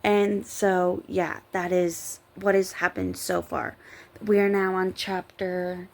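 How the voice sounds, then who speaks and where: Low-pitched and a little mellow, a woman speaks at a slow pace as she reviews a book late at night. She's a tired book vlogger chatting casually, rambling and giggling, with thoughts that trail away and start back up.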